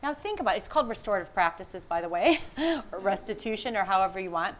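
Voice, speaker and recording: A woman's voice: mid-range voice, very animated, quick pace, low-quality recording. A woman speaker and empathy researcher giving a conference talk, telling anecdotes with frequent laughter and quoted dialogue. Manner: warm anecdotal, laughs often, quoting others. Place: conference room.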